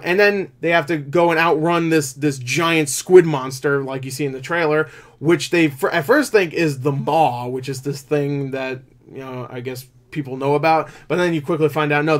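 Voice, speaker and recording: Male movie reviewer with a slightly high voice, rambly, excitable, swears casually. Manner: excitable, quick shifts in loudness and pitch. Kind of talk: casual spoiler review talk.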